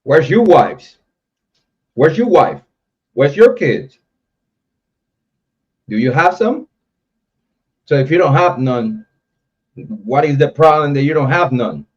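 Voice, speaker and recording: A man hosts a casual livestream in a fairly high, sing-song voice, taking it slowly and pausing often while he reads comments, talks to chat, and rants about other creators. Dull lo-fi stream audio.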